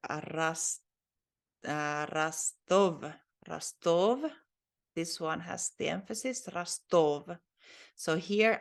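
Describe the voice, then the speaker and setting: A woman with a low, gravelly voice teaches a recorded lesson at a very unhurried pace. She works through each word carefully and often hedges about whether she has it right. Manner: slow, careful, spells out letters and often admits she is unsure. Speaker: language teacher.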